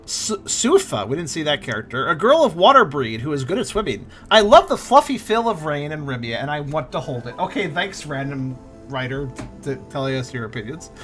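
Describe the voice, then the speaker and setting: A male gaming host with a slightly high, very lively voice, reading out a game page in casual commentary. He talks playfully, laughs often and drops amused asides, with faint music under him. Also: moderate pace.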